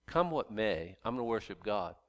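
A man's voice: on the low side, big pitch swings, normal speed, fairly bright tone, dull audio. A man preaching a sermon in a conversational way, often restarting and repeating words as he goes. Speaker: pastor.

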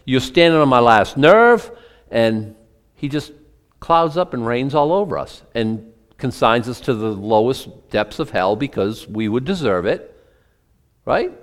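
A man's voice: mid-range voice, expressive, unhurried. A man giving a conversational Bible-teaching sermon as pastor, asking his listeners questions and adding chatty asides between scripture readings. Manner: asks the congregation questions, chatty asides, reads from old scripture.

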